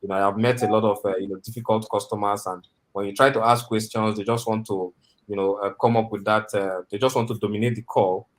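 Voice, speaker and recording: A man with a fairly low voice coaches listeners over a video call microphone. He rambles, leans on fillers like "you know", and keeps checking for agreement. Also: little pitch movement, fast. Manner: rambling, filler-heavy, often asks for agreement. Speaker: mentor teaching interview skills. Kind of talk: instructional talk on a video call.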